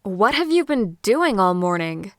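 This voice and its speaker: A woman reading the lines of a bossy, sassy teenage best friend in an audiobook, brisk and teasing. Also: medium pitch, big pitch swings, a bit bright, no room sound, clean studio sound. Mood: impatient.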